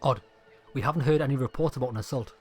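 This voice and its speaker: A man's voice: medium pitch, fast, close to an everyday voice. A man voicing a serious, precise male police lieutenant in a video game, dry and businesslike.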